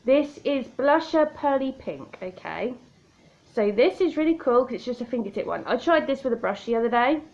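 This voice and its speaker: A woman's voice: fairly high pitch, expressive, normal speed, darkish tone, muffled recording. A woman chatting self-mockingly through a makeup tutorial at home, talking straight to the viewer. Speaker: makeup vlogger. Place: indoor room by a window. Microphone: tablet camera.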